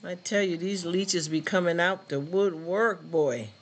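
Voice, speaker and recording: Casting: man, live stream host, blunt and animated, high voice, street slang. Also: unhurried. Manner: animated, blunt street talk, repeats words. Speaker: livestream host. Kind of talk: casual live stream chat.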